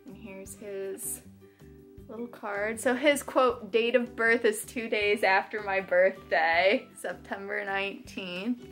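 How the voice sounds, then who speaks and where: A woman's voice: medium pitch, slow pace, soft background music. Gushing young woman unboxing vlogger. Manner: gushing, breaks into excited squeals and gasps. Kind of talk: casual unboxing vlog.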